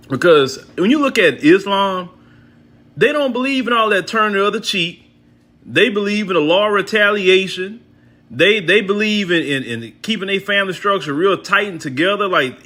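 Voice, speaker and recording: A man's voice: high-pitched, pushed and bright, husky. A man in casual commentary, musing aloud and rambling with many "you know"s and "like"s.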